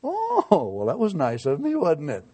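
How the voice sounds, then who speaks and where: A man's voice: on the high side, huge pitch swings, unhurried, darkish tone, breathy edge, heavily acted. A preacher putting on a folksy teasing king. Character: genial male king questioning a servant.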